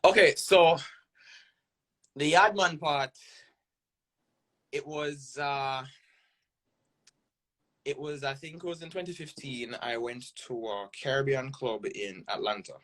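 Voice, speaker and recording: A man with a Jamaican accent speaks as a podcast guest. His voice sits at an ordinary middle pitch, and he tells stories animatedly, pushing hard on key words and checking in with "right?" as he goes. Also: takes it slowly, pauses often. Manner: animated, emphatic storytelling with frequent "right?" tags. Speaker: guest content creator. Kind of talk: casual interview talk.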